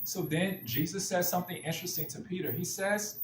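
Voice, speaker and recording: A man's voice: high-pitched, a little fast, hardly any pauses, slight background noise. A man giving an earnest spiritual talk built around Bible stories, often restarting his sentences and repeating stock phrases. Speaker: spiritual speaker. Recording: roomy echo, faint ambience.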